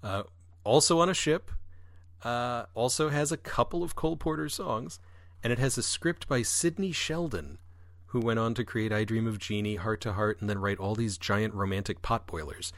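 This podcast co-host, a man, gets animated talking casually about musicals, his pitch briefly springing up for asides. No room sound is audible.

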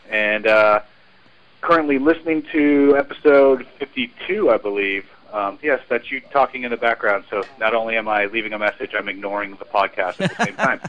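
A man's voice: fairly low pitch, a bit bright. A man leaving a rambling, offhand voicemail for a podcast. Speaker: caller. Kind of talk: voicemail message. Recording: muffled phone message.

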